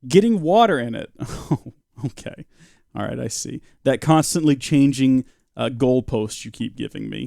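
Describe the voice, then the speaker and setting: A man's voice: lively intonation, moderate pace, creaky, dark tone, dry recording, clean studio sound. A young man giving playful live commentary on a game he is playing, chatting with his viewers and slipping into silly voices. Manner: playful, talks to chat, jumps into silly high voices. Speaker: streamer.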